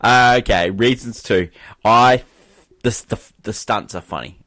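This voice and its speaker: A man's voice: lowish voice, measured pace, fairly bright tone, no echo. A man co-hosting a casual film podcast, retelling scenes and reading quotes with a chuckle. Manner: reads movie quotes aloud with chuckles. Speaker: podcast co-host. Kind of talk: casual film review chat.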